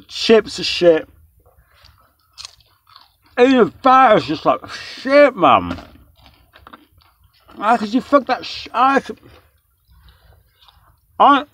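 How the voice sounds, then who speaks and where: A man in his twenties rants through a takeaway review, swearing nonstop. His pitch sits a touch high and swings widely as he rambles. He's recorded indoors on a phone held close. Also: fairly bright tone. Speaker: vlogger reviewing takeaway food. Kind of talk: casual ranting food review.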